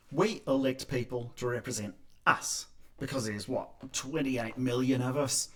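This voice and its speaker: Wry, lively Australian man in echoey room. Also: medium pitch. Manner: wry, sardonic, rises into animated outbursts. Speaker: accountant vlogger. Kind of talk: opinionated commentary monologue.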